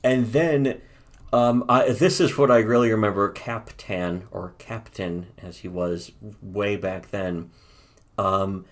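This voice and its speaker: A man's voice: fairly low pitch, steady tone, a little slow. A man co-hosting a casual comedy commentary show, rambling and profane, laughing as he reads comic lines aloud. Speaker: co-host.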